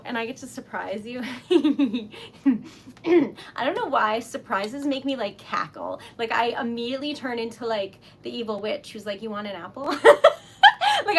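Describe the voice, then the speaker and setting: On a casual livestream, a woman talks about her small craft business, giggling often and sprinkling her speech with likes and ums. She has a fairly high, fairly bright voice, with a little hiss or hum in the background.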